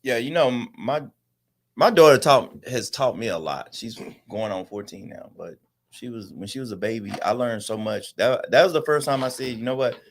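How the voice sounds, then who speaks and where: Thirties male podcast co-host, animated storyteller, casual and profane. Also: mid-range voice, normal speed, a little hiss or hum. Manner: animated storyteller, acts out quotes, swears.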